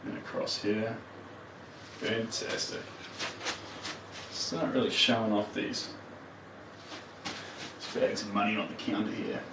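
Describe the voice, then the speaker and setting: A man's voice: fairly low pitch, steady tone, a little slow, long pauses, noisy background. Kiwi guy chatting while he paints live, sounds far off in an echoey room. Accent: New Zealand. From New Zealand. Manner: chatty, playful, talks to viewers while working.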